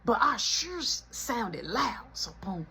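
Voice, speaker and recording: A woman's voice: fairly high pitch, slow pace, husky. A woman telling a story casually, acting out the people in it, adding sound effects and dropping to a whisper at times. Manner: animated, acts out voices and sound effects, drops to whispers.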